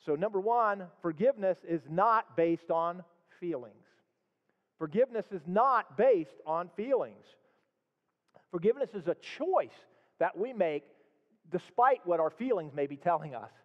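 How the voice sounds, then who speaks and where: A man's voice: high-pitched, lively intonation, normal speed. A man preaching a sermon as pastor, reading scripture with rising emphasis and then explaining it. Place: church sanctuary. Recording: dull sound with long hall reverb.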